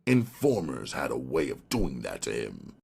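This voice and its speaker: Guy reading a crime audiobook, lively up and down delivery, gravelly. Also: very deep voice, unhurried. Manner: expressive storytelling. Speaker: audiobook narrator. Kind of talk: audiobook narration.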